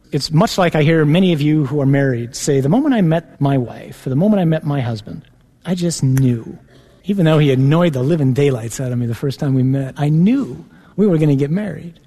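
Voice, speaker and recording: Lively storytelling priest in a reverberant hall. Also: male voice, slightly rough. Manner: lively storyteller, acts out dialogue with rising pitch. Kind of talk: personal testimony sermon.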